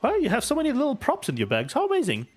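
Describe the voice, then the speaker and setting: A bubbly, curious little inventor girl from a game, put on by a man reading her lines. Her voice jumps way up high and gushes with wide-eyed wonder. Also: wildly swooping pitch, very fast, exaggerated voice. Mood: excited. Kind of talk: reading game dialogue aloud.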